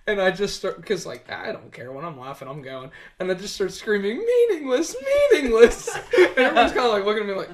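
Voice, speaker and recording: A young man co-hosting a podcast, telling a story in a playful, animated way. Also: high voice, fast, few pauses, crowd noise. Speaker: podcast co-host. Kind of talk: casual chat.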